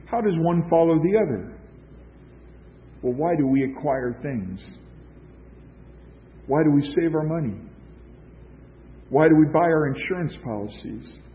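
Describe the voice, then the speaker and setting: A man's voice: a little high, animated, a little slow, long pauses. A man preaching a sermon as a pastor, emphatic, with rhetorical questions and repeated phrases. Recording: dull lo-fi recording.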